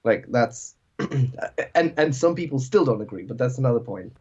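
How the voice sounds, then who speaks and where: A man's voice: medium pitch, expressive, normal speed, mellow, slightly rough, highs cut off. A man hosting a podcast in casual conversation, rambling with lots of filler words. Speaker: podcast host.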